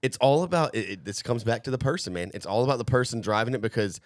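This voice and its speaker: A man's voice: mid-range voice, lively intonation, fast, no room sound, studio quality. A man co-hosting a casual podcast chat, talking in a laid-back, rambling, slangy way.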